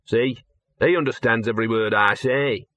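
A man's voice: mid-range voice, normal speed, a bit bright, dry recording, close to an everyday voice. A man voicing a scruffy, streetwise talking dog who grumbles and drawls in working-class dialect, read from an audiobook. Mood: grumbling.

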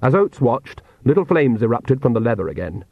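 A man narrating an audiobook in measured, even storytelling. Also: mid-range voice, creaky, dry recording, phone-quality sound. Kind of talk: scripted narration.

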